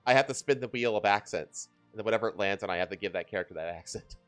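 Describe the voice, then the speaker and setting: A man's voice: on the low side, fast, a bit bright, clear, resonant tone, faint music behind. A man co-hosting a podcast, reading news stories in a loose, joking way and laughing often. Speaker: podcast co-host. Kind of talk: casual news chat.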